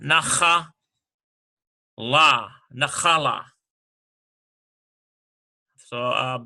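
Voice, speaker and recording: A man slowly working through a language exercise, sounding out syllables and spelling letters one by one. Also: medium pitch, pushed and bright. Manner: slow and halting, sounding out syllables. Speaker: Hebrew teacher. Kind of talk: screen-recorded lesson walkthrough.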